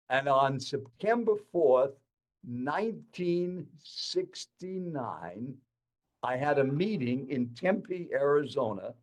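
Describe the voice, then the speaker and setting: Older man in his eighties, a dramatic storyteller with a fairly high voice, a veteran speaker recalling his early career as an interview guest. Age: 80s.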